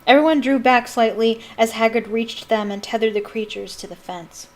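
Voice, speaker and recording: A woman's voice: fairly high pitch, normal speed, rough recording. A woman who reads a novel aloud as a fan, with enthusiastic, chatty asides. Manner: enthusiastic, laughs at her own asides.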